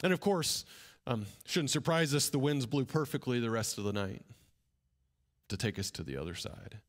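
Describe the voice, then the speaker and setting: A man's voice: medium pitch, moderate pace. A man preaching a sermon as a first-person dramatic story, dropping to whispers for suspense. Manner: animated retelling, drops to whispers for suspense. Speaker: pastor.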